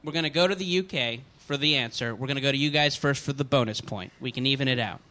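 A man's voice: medium pitch, fast talker, pushed and bright. A man hosting a live comedy quiz show on stage, reading out questions and cracking jokes between them. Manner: jokey, reads questions then riffs.

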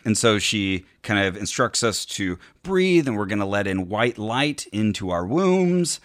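A man's voice: fairly low pitch, sing-song, unhurried, dry recording, clean studio sound. A man co-hosting a podcast, telling a wry story of an event and sometimes mimicking the people he quotes. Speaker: podcast co-host. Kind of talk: casual chat recounting an event.

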